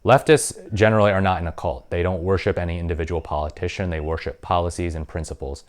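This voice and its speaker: A man's voice: low voice, fairly even intonation, quick pace. A man hosting a political commentary vlog, talking in an opinionated, conversational way with frequent ums. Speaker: political commentary channel host.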